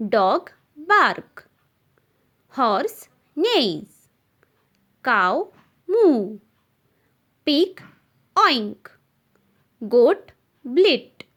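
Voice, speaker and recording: Woman, Indian English accent, teacher, very slow pace, slightly high voice, spells words aloud, repeats for young children. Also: a bit bright.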